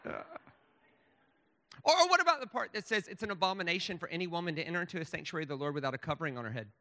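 A man's voice: a little high, rapid-fire, sharp tone, big-room sound. A man preaching a sermon in a church sanctuary, emphatic, with frequent stammered restarts.

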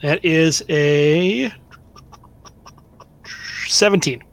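A man's voice: a little high, very slow, vocal fry, noisy background. A man playing a tabletop game, answering the game master in an easygoing way with short replies. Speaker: player. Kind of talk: casual tabletop game chat.

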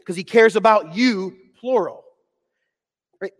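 A man preaching a sermon as pastor, swinging from loud, stressed phrases down to hushed, almost whispered endings. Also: high-pitched, expressive, normal speed, big-room sound.

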